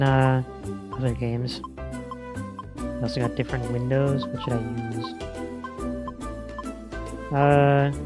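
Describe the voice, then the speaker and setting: A man chatting casually as a streamer, rambling with lots of fillers while he plays. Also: mid-range voice. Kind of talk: casual let's-play commentary. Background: game music.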